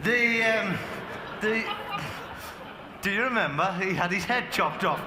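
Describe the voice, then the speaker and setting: A man doing stand-up crowd work on a theatre stage, rambling and excitable, chatting with the audience and breaking into sudden shouts. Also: high-pitched, unhurried. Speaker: stand-up comedian. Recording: echoey live theatre recording with crowd noise.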